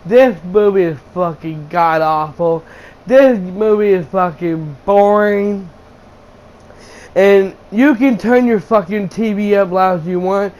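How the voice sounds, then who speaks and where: Brief: high-pitched young male vlogger, slow deliberate delivery, blunt profane exasperated rant. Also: darkish tone, low-quality recording. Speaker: video game channel host reviewing a movie. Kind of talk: casual ranting review.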